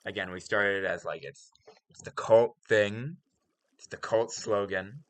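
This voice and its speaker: A man hosting a game let's play, talking in a deliberately calm, soft-spoken and musing way. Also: on the low side, no echo. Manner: musing, introspective. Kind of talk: casual gameplay commentary.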